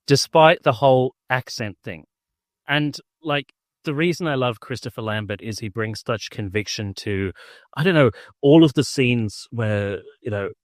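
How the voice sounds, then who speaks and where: A man's voice: fairly low pitch, dry recording, studio quality. A man co-hosting a podcast, chatting casually and enthusiastically about a film, with lots of restarts and fillers. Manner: rambling, full of "like" and restarts, enthusiastic. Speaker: podcast co-host. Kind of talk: casual film-review chat.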